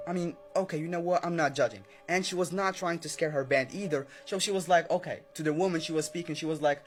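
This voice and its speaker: High-voiced male storyteller, casual and talkative, acts out each line of dialogue, light music bed. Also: fast talker, hardly any pauses. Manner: chatty, keeps adding "okay?" and acting out the dialogue.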